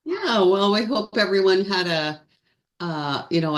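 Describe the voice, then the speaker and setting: Slow-talking woman co-hosting a live chat. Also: mid-range voice, lively intonation. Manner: chatty, meandering, with fillers and self-corrections. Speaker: co-host of a feng shui live show. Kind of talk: casual live-stream chat.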